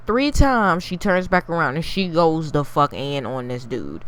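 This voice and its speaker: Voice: mid-range voice, animated, normal speed, fairly bright tone, clean tone. A TV recap reviewer giving a casual, blunt, profane take and talking straight to the viewers. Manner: addresses viewers directly.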